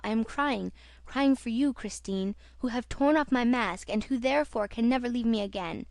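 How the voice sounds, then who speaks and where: A woman's voice: fairly high pitch, no echo, close to an everyday voice. Woman narrator doing a raging, self-pitying masked man; intense, taunting audiobook villain. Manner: intense, mocking, then anguished.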